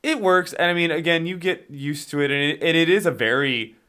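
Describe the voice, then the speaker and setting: Bright-voiced male podcast co-host, rambling. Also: a little high, a little fast, clear, resonant tone. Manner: rambling, many fillers and restarts, asks questions. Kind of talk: casual movie discussion.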